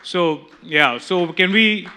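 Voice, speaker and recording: Bright-voiced, chatty host. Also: male voice, sits high, takes it slowly, clean tone. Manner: chatty, enthusiastic, rambling. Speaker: interviewer, host. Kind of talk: press event interview.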